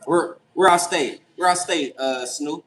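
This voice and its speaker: A young man hosting a casual late-night livestream, reading chat and answering with animated, incredulous, profane reactions. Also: on the high side, measured pace, a little hiss or hum, rough recording. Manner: animated, incredulous, swears freely. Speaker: livestream host.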